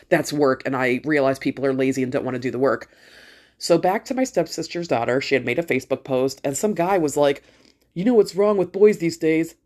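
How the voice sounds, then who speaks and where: A woman's voice: low voice, darkish tone. Woman, middle-aged, podcast host, blunt, swears, rambling casual monologue.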